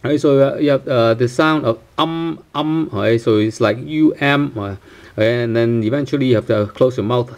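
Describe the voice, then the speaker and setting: A man's voice: medium pitch, normal speed. A male teacher walks through a pronunciation lesson, stopping often with fillers and checking in with "right?" He repeats each sound several times so learners can copy it. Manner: hesitant, many fillers and tag questions, repeats sounds for practice. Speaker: language teacher.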